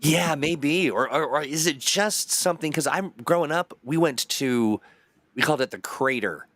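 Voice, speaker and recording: A man's voice: a little high, moderate pace, fairly bright tone, dry recording. A man hosting a casual chat, laughing often and reading viewer comments aloud. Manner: laughs often, chatty and reactive. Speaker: host.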